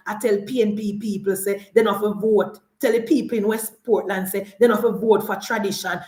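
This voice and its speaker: A woman's voice: fairly high pitch, roomy sound. Fiery Jamaican woman ranting about politics. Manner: fiery, mocking, repeats rhetorical questions. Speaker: political commentator. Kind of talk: impassioned political rant. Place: indoors, filming herself for social media.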